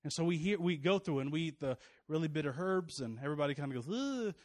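A man's voice: fairly high pitch, lively intonation, fast, darkish tone. A male pastor in his thirties giving a casual, joking sermon to his congregation, with many fillers and restarts.

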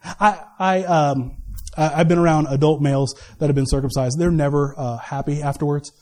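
Man, pastor, high voice, animated sermon, jokey asides, loud then hushed. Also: moderate pace. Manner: animated preaching with asides and laughter, swinging from loud to quiet.

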